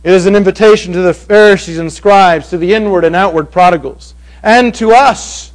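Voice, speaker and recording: A man preaching a sermon to a congregation, swinging from hushed passages to loud, emphatic ones. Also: high-pitched, moderate pace, rough recording. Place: evening meeting before a congregation.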